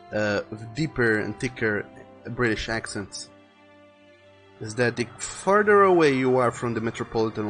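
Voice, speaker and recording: Faint music plays while a man draws on a live stream, chatting casually, rambling, thinking aloud and repeating words as he goes. His voice is medium-pitched and a bit bright.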